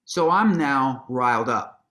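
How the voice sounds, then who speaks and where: Onstage as a guest, a musician and author tells a long anecdote in a slow, casual, profane way. He's an animated storyteller who acts out what people said with big, sudden pitch jumps, swearing freely and restarting sentences.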